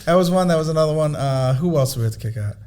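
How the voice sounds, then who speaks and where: A man's voice: on the high side, lively intonation, racing, warm tone. A man tells stories on a podcast in a slightly raised voice. He rambles and swears, and the talk is casual and loose. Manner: rambling, profane, laughing through stories. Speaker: podcast guest.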